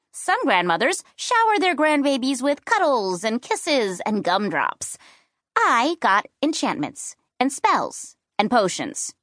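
A woman narrating a children's fantasy book in first person, with playful and expressive storytelling. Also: on the high side, no echo, studio quality. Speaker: audiobook narrator.

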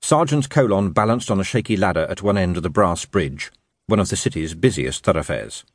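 A man narrating an audiobook with an expressive, lively reading. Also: low voice, brisk, no echo, clean studio sound. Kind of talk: scripted storybook narration.

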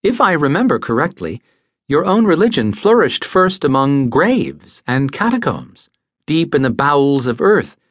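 A male narrator voicing a gentle, earnest male angel who speaks in a measured, formal way. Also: fairly high pitch, sing-song, husky, dry recording, clean studio sound, heavily acted. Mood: grave.

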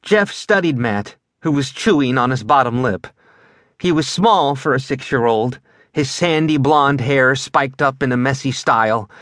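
A man's voice: medium pitch, fairly bright tone, no room sound. Male audiobook narrator, dry and close. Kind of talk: scripted narration.

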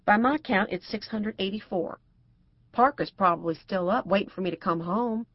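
A woman's voice: mid-range voice, moderate pace, no echo, dull audio, natural voice. A woman narrator voicing a prim, cautious middle-aged housewife who speaks properly and frets. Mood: prim, fretful. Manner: proper and fretful.

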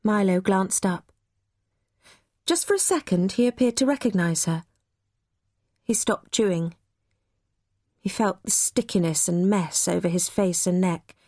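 A woman narrates a children's novel in a measured, expressive way. Her delivery is unhurried and her voice carries a husky texture. The sound is dry and close, with no room around it. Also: mid-range voice, no echo. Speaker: audiobook narrator.

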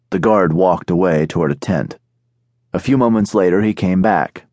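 A man narrating an audiobook in a steady, measured storytelling manner, recorded on a studio microphone. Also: low voice, dry recording. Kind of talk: scripted narration.

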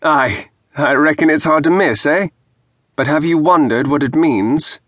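A man voicing a brooding, weathered older ship captain with gruff, rueful sailor's speech. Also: on the high side, unhurried, fairly bright tone, no room sound, pitched above the performer's own voice. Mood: musing.

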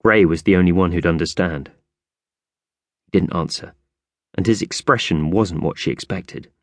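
A man narrating a children's audiobook with expressive storytelling. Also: deep voice, normal speed, no room sound, clean studio sound. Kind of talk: scripted narration.

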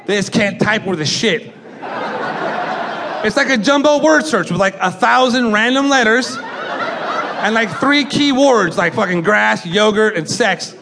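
A man's voice: sits high, expressive, measured pace, gravelly. A young man doing a stand-up comedy set, rambling and profane, often laughing at his own jokes. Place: comedy club stage. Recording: live club recording with audience noise. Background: audience laughter and chatter.

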